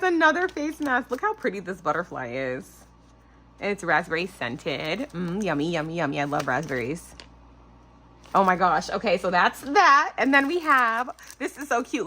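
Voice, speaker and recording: A woman of about forty with a lowish voice hosts a craft channel, chatting casually while unboxing a package of crafting goodies. She gushes excitedly, saying "oh my gosh" a lot, and there's slight background noise.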